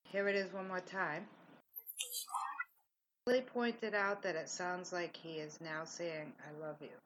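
A woman's voice: lowish voice, steady tone, unhurried. A woman co-hosting a paranormal investigation show, chatting casually about recordings and asking her partner's opinion. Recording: muffled lo-fi recording with faint hiss.

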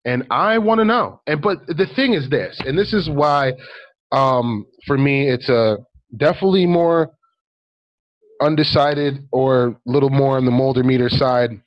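A man's voice: mid-range voice, a little slow, muffled recording. A man chatting casually on a podcast, telling a story with lots of ums and likes. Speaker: podcast co-host. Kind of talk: casual chat.

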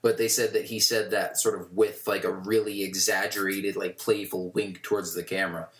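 Recorded with a roomy echo, a deep-voiced man co-hosts a casual podcast chat. He speaks flatly at a moderate pace, rambling with many fillers and restarts.

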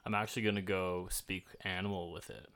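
A man's voice: low-pitched, steady tone, a little fast, fairly bright tone. A man playing a tabletop game, talking in a casual, rambling way with frequent filler words. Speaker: player.

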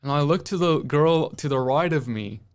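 A man preaching an earnest testimony, slowly and haltingly, often repeating words as he searches for them. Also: fairly high pitch, animated. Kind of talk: slow storytelling testimony.

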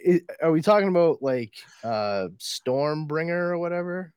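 A man's voice: on the high side, expressive, normal speed, darkish tone, clean tone, dry recording. A man co-hosting a podcast in casual chat, rambling and swearing as he riffs on films. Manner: rambling, profane, riffs with mock voices. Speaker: podcast co-host.

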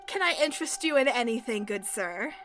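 A woman's voice: fairly high pitch, animated, a little fast, a bit bright, soft background music, voice pushed up. A woman voicing a cackling, greedy female collector of curiosities, with a teasing, theatrical way of talking. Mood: gleeful.

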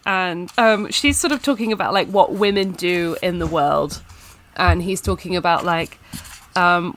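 Animated woman reading passages aloud. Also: lowish voice, unhurried, a little hiss or hum. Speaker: podcast co-host. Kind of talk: casual book discussion.

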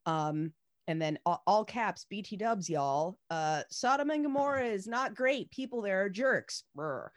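A woman's voice: mid-range voice, expressive, unhurried. A woman co-hosting a podcast in casual chat, retelling a story in irreverent slang with lots of fillers. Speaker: podcast co-host.

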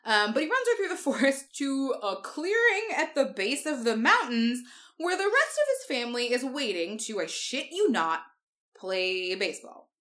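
A woman's voice: a little high, very animated, normal speed, fairly bright tone. A young woman co-hosting a podcast, retelling a book plot in sarcastic, swear-heavy casual chat. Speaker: podcast co-host.

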